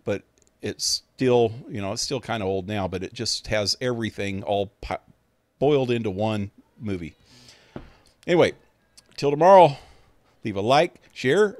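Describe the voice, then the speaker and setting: A man's voice: medium pitch, no echo. Laid-back rambling male streamer, dry sound. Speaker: game streamer. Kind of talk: casual chat.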